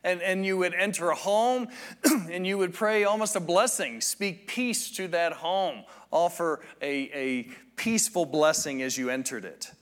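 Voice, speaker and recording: Guy preaching a sermon, kinda higher voice, slow thoughtful teaching, lots of restarts. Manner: measured, reflective teaching with frequent restarts. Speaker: pastor.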